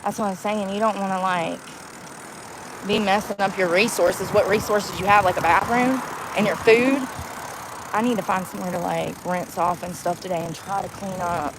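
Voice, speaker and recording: A woman's voice: medium pitch, steady tone, normal speed. A woman vlogging about being homeless, ranting bluntly with a mouthy, profane way of talking, outdoors and in a car. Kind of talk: ranting vlog. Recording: outdoor street and traffic noise.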